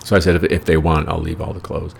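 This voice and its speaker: A man's voice: rumbling low, level tone, fast talker, vocal fry, slightly rough. An American man telling rambling, wry personal anecdotes with plenty of profanity in a casual storytelling style. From United States. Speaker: storyteller host.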